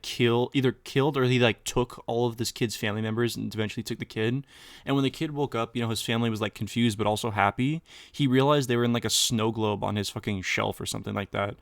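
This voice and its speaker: A young man co-hosting a podcast, retelling a scene with crude swearing and lots of energy. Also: on the low side. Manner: excitable retelling, crude swearing, acts out quotes. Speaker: podcast co-host. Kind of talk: casual podcast chat.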